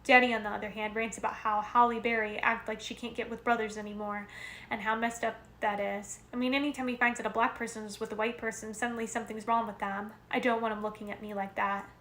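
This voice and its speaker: A woman's voice: on the high side, quick pace. Woman reading a novel in an echoey room. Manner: steady first-person narration, occasional self-corrections. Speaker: reader. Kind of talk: amateur audiobook reading of a novel. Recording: roomy echo with faint noise.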